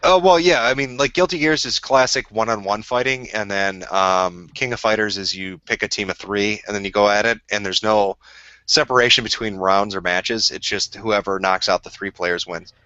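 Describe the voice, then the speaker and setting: Brief: male co-host, blunt and profane, lowish sharp voice, dull lo-fi chat mic. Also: no echo. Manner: blunt, profane, quick opinions. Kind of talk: casual stream chat.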